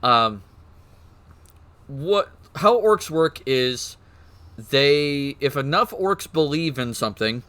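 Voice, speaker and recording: A man streaming, excitedly explaining game lore in casual chat, swearing and laughing. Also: medium pitch, slow, pauses often.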